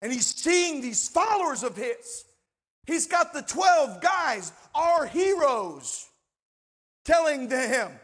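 High-voiced man preaching with passion. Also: sing-song, slow. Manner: impassioned preaching, swinging between shouting and hushed asides. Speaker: pastor. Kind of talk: sermon.

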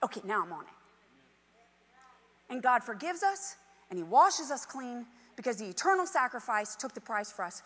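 A woman preaching a sermon, animated and emphatic, with conversational asides to the congregation. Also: high-pitched, normal speed, in a large hall. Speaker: pastor.

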